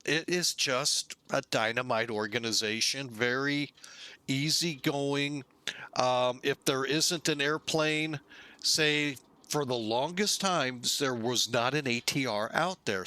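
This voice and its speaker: Slow, bright-voiced man narrating a flight sim. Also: mid-range voice, clean tone, dry recording. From St. Louis, USA. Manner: rambling, joking asides, self-correcting. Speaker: flight sim video host.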